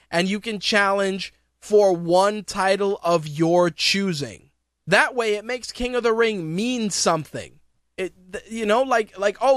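A man's voice: high-pitched, fairly bright tone, no room sound, studio quality. A man hosting a podcast, ranting profanely and sarcastically in opinionated wrestling talk. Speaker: podcast host.

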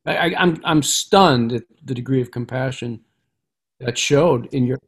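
A man speaking as an author guest in a casual interview, thoughtful and halting, with frequent restarts. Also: mid-range voice, breathy edge.

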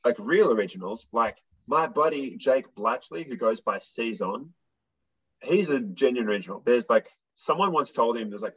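A man's voice: medium pitch, normal speed, husky, dull audio. A man with an Australian accent, a guitarist and songwriter chatting casually as an interview guest, blunt and swearing as he tells stories. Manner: blunt, swearing, animated storyteller. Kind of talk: casual chat.

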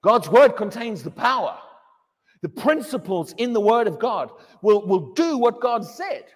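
Man, pastor, emphatic sermon, repeats himself, very high pitch, long hall reverb. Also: sing-song, a little slow. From England. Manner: emphatic, repeats words, mocks a wailing believer in a high voice. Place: church hall.

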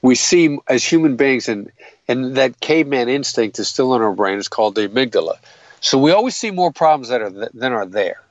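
A man speaking as an interview guest in a middle-pitched voice, laying out his reasoning step by step and circling back on his own phrases. The sound is dry and a bit muffled. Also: animated, fairly quick, no room sound. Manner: earnest and explanatory, with frequent restarts. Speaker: guest, hostage negotiator. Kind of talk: explanatory interview talk.

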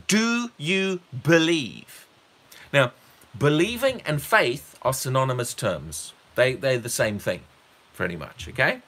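A man preaching a sermon, emphatic and repetitive, jumping up on key phrases and dropping low for quick asides. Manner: emphatic, repeats words, rises sharply on key phrases; drops low and quiet for asides.

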